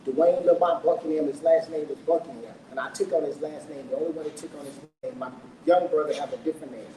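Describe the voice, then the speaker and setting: A man's voice: a little high, fairly even intonation, quick pace. A middle-aged man speaking at his book launch, telling a personal story to an audience in an earnest, emotional way and asking them questions. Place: event room with an audience. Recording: echoey room, voice from a distance, faint noise.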